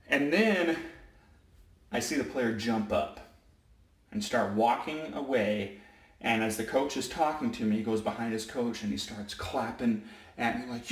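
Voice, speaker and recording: Referee-type man talking, loose and rambling, mid pitch, recorded in a roomy space away from the mic. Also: a little slow, recorded from a distance. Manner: rambling, self-correcting, with many fillers. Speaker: high school basketball referee. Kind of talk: casual storytelling vlog.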